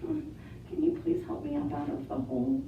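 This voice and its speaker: A woman voicing a kind, polite old man in a children's storybook tale, speaking gently. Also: high-pitched, very animated, unhurried, slight background noise. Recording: echoey, distant, dull, piano behind.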